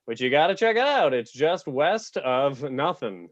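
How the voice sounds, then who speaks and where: A man's voice: fairly high pitch, very animated, measured pace, a loud crowd. A man from Canada doing a stand-up set at an online open mic, with a loose, chuckling delivery and mocking put-on voices. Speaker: stand-up comedian. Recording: dull, muffled sound.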